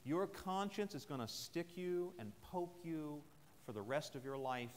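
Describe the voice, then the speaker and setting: A man's voice: fairly high pitch, expressive, a little slow. A man voicing a wise woman who pleads urgently with a king, as part of a sermon. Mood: pleading. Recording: long chapel reverb.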